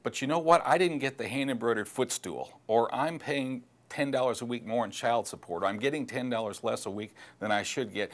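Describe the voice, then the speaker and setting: An earnest man delivers co-parenting advice in a fairly low voice. He leans hard on key phrases and slips into quoted voices of struggling parents. His talk wanders with fillers and restarts. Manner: earnest, emphatic, acts out parents' thoughts in quotes. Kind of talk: direct-to-camera advice talk.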